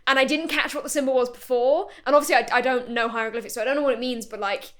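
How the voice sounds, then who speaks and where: A woman's voice: high voice, fairly even intonation, rapid-fire, a crowd in the background. A woman co-hosting a comedy podcast, chatting casually about a TV show and often restarting her sentences mid-thought. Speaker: podcast co-host.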